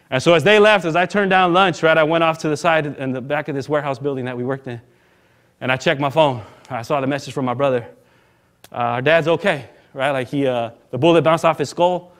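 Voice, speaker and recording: A man, a minister telling a personal story in a casual, animated sermon and acting out the other people in it. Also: on the high side.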